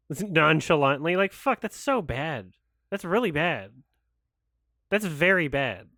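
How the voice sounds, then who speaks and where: A man's voice: fairly high pitch, very animated, takes it slowly, long pauses, sharp tone, no room sound, clean studio sound. A man giving casual, sarcastic commentary while watching a film live, swearing often. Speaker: host reacting to a film.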